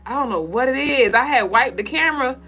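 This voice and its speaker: A young woman hosts a spiritual livestream, reading viewer comments and greeting people by name in loose, playful chat. Her high voice is expressive, brisk, pushed, and bright, and she swears freely and laughs often.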